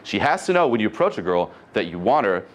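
A man coaching an audience on dating, talking in an animated way and acting out conversations. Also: lowish voice, fast talker.

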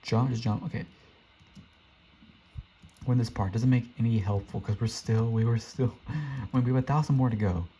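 A man's voice: medium pitch, moderate pace, pauses often, warm tone, husky. A young man giving casual, rambling commentary as he plays a game, often frustrated and talking to himself. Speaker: gaming streamer. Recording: dull lo-fi mic with faint hiss.

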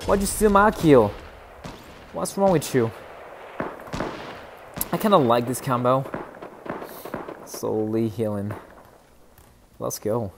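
A young man streaming a shooter game live, chattering excitably and teasing his chat. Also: slow pace, creaky, long pauses, noisy background. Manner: excitable, yelps in sudden high bursts.

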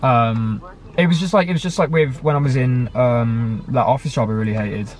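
A man's voice: medium pitch, normal speed, darkish tone. A young man from the UK in a casual conversation about his life. He rambles, using many fillers and self-corrections. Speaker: guest sharing his story.

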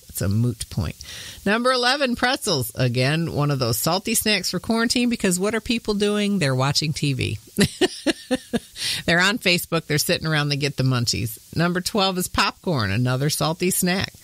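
A woman in her thirties from Michigan with a Midwestern accent touched by Southern speech, a podcast host chatting in a homey way and laughing often. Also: a bass voice. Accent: Midwestern American with some Southern. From Michigan, USA. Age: 30s. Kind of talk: casual talk.

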